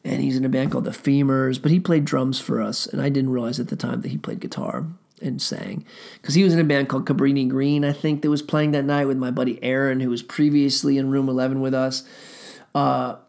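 Gravelly middle-aged guy, musician, rambling loose storytelling, lots of ums. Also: mid-range voice, level tone, brisk, a little mellow. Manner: rambling, frequent fillers and swearing. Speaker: musician telling stories. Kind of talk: casual storytelling.

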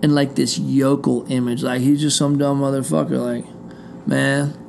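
A man's voice: mid-range voice, level tone, moderate pace, creaky, a little mellow, slight background noise. A middle-aged man hosting his show from a room indoors, talking straight to his listeners in a rambling, profane, digressive monologue. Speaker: show host. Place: indoor room behind a closed door.

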